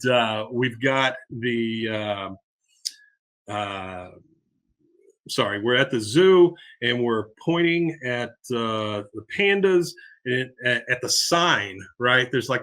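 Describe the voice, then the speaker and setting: A man's voice: mid-range voice, slow pace, sharp tone. A middle-aged man hosting a podcast, casually recapping an episode in a rambling way with many fillers. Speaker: podcast host.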